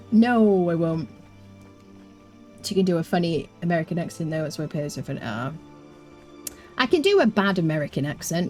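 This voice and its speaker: Playful English woman, lively low voice. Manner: playful, joking, drops into quiet asides. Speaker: streamer. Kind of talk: casual live-stream chat while gaming.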